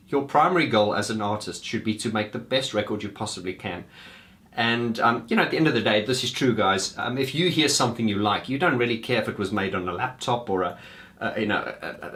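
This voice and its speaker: With a mid-range, fairly bright voice, this music video host chats with his audience like they're friends, addressing them as "guys." His talk is unscripted and rambling, full of fillers and restarts.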